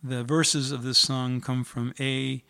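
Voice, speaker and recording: A man's voice: mid-range voice, little pitch movement, slow, vocal fry, bright, forceful tone, clear, resonant tone. A middle-aged man, a singer-songwriter, telling in an earnest, reflective way how he came to write a song. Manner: reflective, earnest storytelling with fillers. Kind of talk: spoken story about writing a song.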